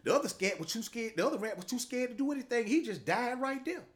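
A man's voice: very high voice, animated, fast talker. A middle-aged man, hosting a motivational talk show, delivering a blunt, profane, preachy monologue that keeps tagging lines with "man".

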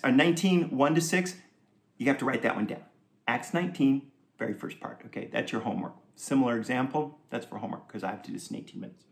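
A man preaching a sermon in a conversational, joking way, with asides and quick laughs. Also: medium pitch. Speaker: pastor. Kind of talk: sermon teaching.

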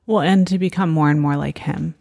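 A woman with a low, gravelly voice shares her thoughts candidly in a faith conversation. The sound is dry and close. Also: steady tone, fairly quick, a little mellow, no echo. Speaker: podcast co-host.

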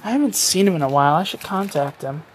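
A man with a voice pitched a little above the usual, talking alone on his podcast. He sounds tired and rambles loosely, dropping casual swears and running himself down as he goes. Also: expressive, fast talker. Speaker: podcast host. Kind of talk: casual solo podcast rant.

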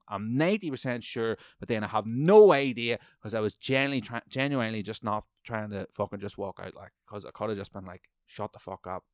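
A man's voice: on the low side, darkish tone, no echo, studio quality. A man, hosting a podcast and telling a heated, profanity-heavy story. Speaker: podcast host. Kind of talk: profane ranting monologue.

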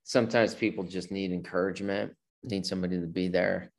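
A man's voice: low-pitched, fairly even intonation, a little fast, creaky. A man hosting an interview who asks his questions in an enthusiastic, rambling way. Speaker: interview host. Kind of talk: casual interview.

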